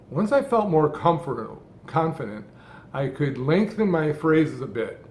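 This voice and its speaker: A man's voice: mid-range voice, a little hiss or hum. A man coaching on speech, talking in short, rhythmic, emphatic phrases in a scripted talk. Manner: rhythmic, deliberately phrased delivery with heavy emphasis. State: person who stutters, speaking fluently. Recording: echoey room.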